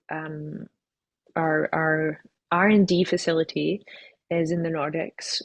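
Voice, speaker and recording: A woman with a slightly husky, lowish voice talks through an interview as a company chief. She is chatty and self-deprecating, restarting sentences and laughing at herself. The sound is dry and close. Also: no echo, poor audio. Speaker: company CEO, interview guest. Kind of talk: casual interview answers.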